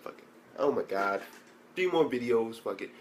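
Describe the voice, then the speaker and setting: A man's voice: mid-range voice, expressive, normal speed, a little hiss or hum. A man giving a casual, profanity-heavy anime review, ranting and full of exasperated rhetorical questions.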